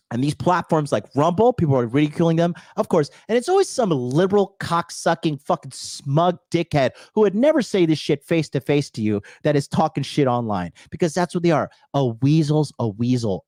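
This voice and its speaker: A man's voice: a little high, darkish tone, no echo, studio quality. A man hosting a show, delivering an aggressive, profane commentary rant full of mocking asides. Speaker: podcast host.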